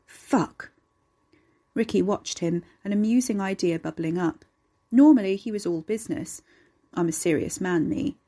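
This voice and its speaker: A woman, reading a dark story aloud at a steady, measured pace. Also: medium pitch. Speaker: narrator. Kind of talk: storytelling narration.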